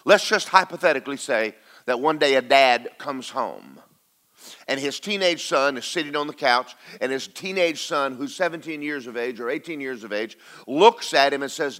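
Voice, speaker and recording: A man's voice: mid-range voice, normal speed, a bit bright. A male pastor preaching a sermon, emphatic and repeating lines for stress as he calls out to the congregation.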